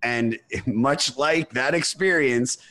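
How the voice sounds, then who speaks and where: A man's voice: medium pitch, fairly bright tone. 40s host guy, medium voice, rambly, keeps restarting sentences. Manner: rambling, halting, restarts often. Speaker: podcast host. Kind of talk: casual podcast chat.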